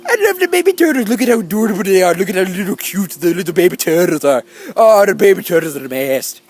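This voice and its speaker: A man doing a fake British accent and gushing like an excited young man, his voice jumping way up into a squeal. The voice swoops around wildly and stays high and breathless with delight. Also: fast. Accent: British (put-on).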